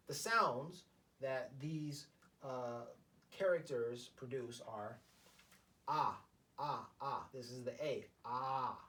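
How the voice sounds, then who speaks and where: Slow-talking man teaching from afar. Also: mid-range voice. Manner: slow, halting explanation with many fillers. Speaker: language teacher. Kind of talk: beginner lesson at a board. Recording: voice from far off the mic.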